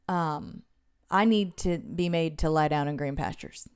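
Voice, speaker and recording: A woman's voice: sits low, measured pace, clean tone. Chatty woman giving a devotional talk. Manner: earnest, chatty, wanders into side notes, laughs often. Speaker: Christian devotional speaker. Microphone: own microphone.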